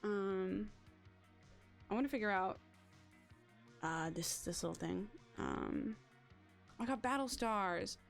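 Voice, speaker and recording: A young woman streaming a game, chatting in a rambling, excitable, self-mocking way. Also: mid-range voice, takes it slowly, vocal fry, long pauses, soft background music. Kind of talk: casual live-stream chatter.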